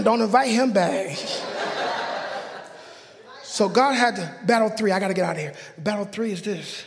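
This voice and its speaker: A man preaching a sermon in a church, fervent and joking with the congregation, often breaking into excited yelling. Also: high-pitched, moderate pace, vocal fry, pauses often, noisy background. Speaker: pastor. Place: church sanctuary. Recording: long church hall reverb.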